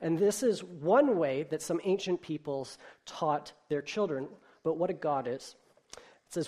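A pastor preaching a sermon in an explanatory, conversational way, animated when he reads a children's story aloud. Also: a little high, measured pace.

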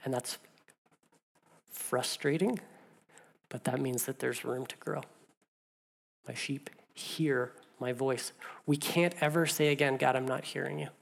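A pastor delivering a sermon, reading scripture aloud, then slowing down to repeat a refrain for emphasis between casual, stumbling asides. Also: mid-range voice, fairly even intonation, vocal fry. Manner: conversational asides with stumbles and restarts.

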